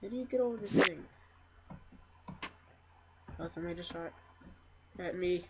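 A woman giving casual let's-play commentary on her own game, excitable and trash-talking. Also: fairly low pitch. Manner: excitable, trash-talking, quick to get frustrated. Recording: loud noise and mouse clicks behind.

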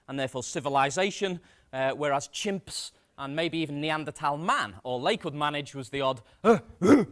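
A man gives a comic science demonstration to a live audience. His voice sits high and swoops about, and he talks in an energetic, self-mocking way. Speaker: science presenter. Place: stage before a live audience.

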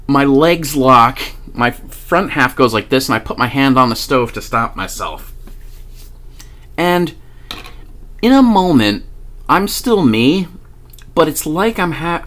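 A man vlogger telling a personal story in a casual, animated way, swearing freely and laughing often. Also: on the high side.

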